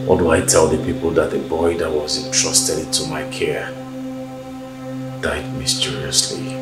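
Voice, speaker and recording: A man's voice: rumbling low, level tone, normal speed. An actor with a Nigerian English accent playing an anguished businessman who stammers and repeats himself in distress, with film music behind. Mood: distraught. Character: anguished city businessman man, pleading and frantic. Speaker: Uchenna, a city businessman. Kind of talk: Nollywood film acting. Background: film score music.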